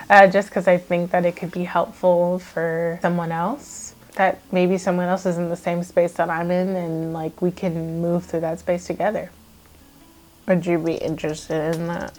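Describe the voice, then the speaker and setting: A woman's voice: on the low side, fairly even intonation, unhurried. A woman YouTuber talking to her viewers in a heartfelt vlog, earnest and reflective, a little emotional, with many casual "like" fillers.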